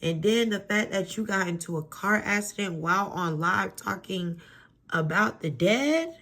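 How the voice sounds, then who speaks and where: A woman vents straight into her phone camera at home, her talk blunt, coarse and exasperated. She strings her points together with fillers and repeats herself as she goes. Her voice sits at an ordinary middle pitch. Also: animated, a little slow, a bit bright. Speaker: vlogger. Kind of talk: ranting commentary vlog. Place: at home, face cream on.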